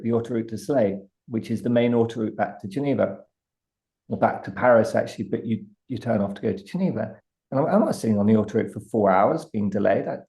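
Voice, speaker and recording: A man with a British accent, a guest artist telling a vivid, animated story with frequent restarts. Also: medium pitch. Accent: British English. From Britain. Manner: vivid, building anecdote with many restarts.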